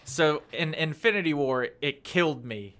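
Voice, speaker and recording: A man's voice: on the high side, moderate pace, fairly bright tone. A man co-hosting a podcast, chatting casually about a movie and mimicking people in exaggerated voices. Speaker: podcast co-host. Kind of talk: casual movie review chat.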